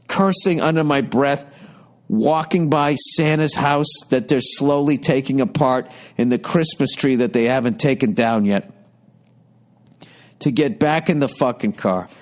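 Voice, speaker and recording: A man in his fifties with a mid-range voice speaks at a measured pace on his podcast. The monologue is a comic, exasperated, wandering tale riddled with swearing.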